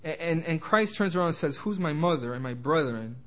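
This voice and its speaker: A young man teaching an informal Bible study sermon, stumbling over words and restarting often, slowing down to stress quoted scripture. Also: a little high, animated, fairly bright tone. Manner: halting, many restarts and repeated words.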